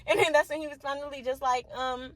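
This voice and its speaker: A woman's voice: high-pitched, fairly even intonation, fast, fairly bright tone, low-quality recording. Slangy young woman telling stories. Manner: candid, slangy, rambling storyteller with filler words. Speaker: vlogger. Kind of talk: casual story-time vlog.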